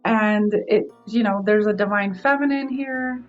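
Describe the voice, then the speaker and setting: A young woman reading oracle cards in a casual chat, enthusiastic and quick to exclaim. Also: mid-range voice, muffled recording, soft background music. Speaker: co-host, card reader.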